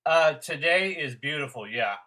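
A man's voice: a little high, expressive, normal speed, sharp tone, poor audio. A man hosting a podcast, talking in a friendly, chatty way with lots of restarts. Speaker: podcast host. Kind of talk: casual interview chat.

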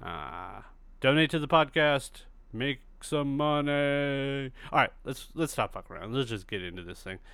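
Bright, crisp-voiced male podcast host. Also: lowish voice, very animated, brisk, no echo. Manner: rambling, loose and profane, with many fillers. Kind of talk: casual podcast chat.

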